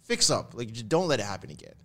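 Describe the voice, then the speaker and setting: A man's voice: mid-range voice, very animated, fast talker, sharp tone. A man from Toronto co-hosting a podcast, talking casually with blunt, slangy advice. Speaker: podcast co-host. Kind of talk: casual chat.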